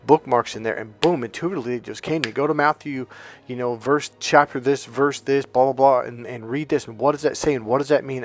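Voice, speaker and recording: A man, a dating coach, telling a personal story in a casual monologue, animated, swearing now and then, and acting out the lines of people in it. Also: mid-range voice. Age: young adult. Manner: animated, swears and acts out quotes.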